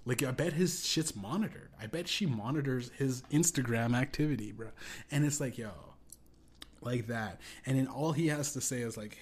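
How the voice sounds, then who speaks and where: A man's voice: medium pitch, normal speed, breathy edge. Rambling, profane male podcast host. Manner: rambling, profane, acts out quoted voices. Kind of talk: casual comedic commentary.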